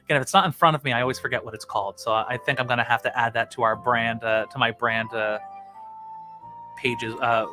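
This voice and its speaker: A man's voice: medium pitch, fairly even intonation, a little fast, music in the background. A man hosting a live stream, chatting casually and rambling, with lots of fillers and chuckles. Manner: rambling, laughing, full of uh fillers. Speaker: live-stream host and tenor.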